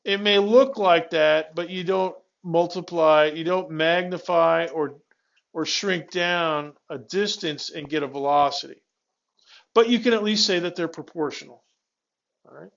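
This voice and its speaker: A man with a high voice teaches a physics class in a classroom. He walks students through each step, stops himself mid-word to restart, and keeps checking in with questions. The recording is dull and lo-fi. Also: measured pace, gravelly, fairly bright tone. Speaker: physics instructor. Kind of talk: classroom lecture.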